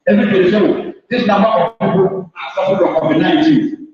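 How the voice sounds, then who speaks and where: A man's voice: high voice, quick pace. A man from Ghana, a mathematics teacher, giving an emphatic orientation talk to new students and addressing them directly. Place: large hall. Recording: echoey hall, distant mic, dull sound.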